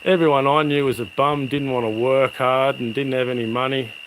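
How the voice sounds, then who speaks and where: A man's voice: mid-range voice, steady tone, fairly quick, noisy background. A middle-aged Australian man, a livestream host, rambling through stories and chatting casually with his viewers outdoors at night. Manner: rambling, laid-back storyteller, matey. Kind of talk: casual chat with live viewers. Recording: crickets and insects chirping behind.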